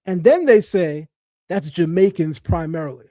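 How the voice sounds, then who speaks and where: A middle-aged man, the son of West Indian parents, hosting a commentary talk to a live chat in an animated, mocking, emphatic way, often restarting his phrases. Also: a little high, moderate pace, no echo, clean studio sound. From child of West Indian parents. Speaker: host.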